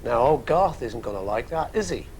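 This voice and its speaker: A man's voice: medium pitch, animated, normal speed, vocal fry, darkish tone, slight background noise. A man hosting a music program from a studio, answering listener questions in a rambling, jokey, casual way. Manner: rambling and jokey, with playful asides. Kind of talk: casual chat.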